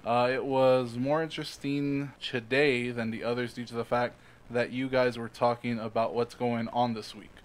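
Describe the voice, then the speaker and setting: A man's voice: medium pitch, level tone, normal speed. A man co-hosting a casual podcast, reading a listener's email aloud with laughs and stumbles. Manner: reads aloud with laughs and restarts.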